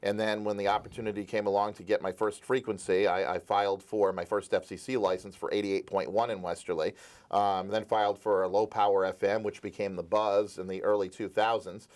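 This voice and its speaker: Eager low-voiced man telling stories. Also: level tone, a little fast, darkish tone. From Rhode Island. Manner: eager storyteller with many restarts. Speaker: radio station owner and guest. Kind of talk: casual interview conversation.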